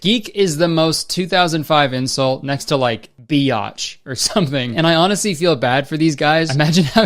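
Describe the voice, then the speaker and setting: A man giving comedic commentary on an old TV show, cracking dry, crude jokes and laughing often. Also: fairly high pitch.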